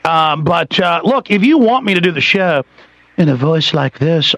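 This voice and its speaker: A man hosting a call-in radio show, loud and aggressive, arguing fast and interrupting. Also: fairly high pitch, lively intonation, no room sound, lo-fi sound. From Texas. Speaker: radio talk show host. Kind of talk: heated call-in radio talk.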